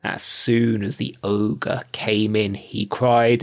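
An older man reading a bedtime fairy tale aloud in a calm, measured way. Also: lowish voice. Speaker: storyteller.

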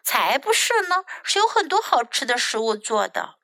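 A woman's voice: a little high, sing-song, moderate pace, pushed and bright, dry recording, heavily acted. A woman voicing a cheerful, generous raccoon in a bilingual children's storybook reading, speaking pleasantly.

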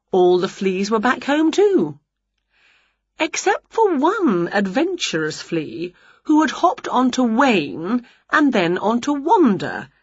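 A woman reading a children's picture book aloud, slow and very lively in pitch, with a soft breathy tone. Her first language is Chinese. The recording is dry, close and somewhat dull and lo-fi. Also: no echo.

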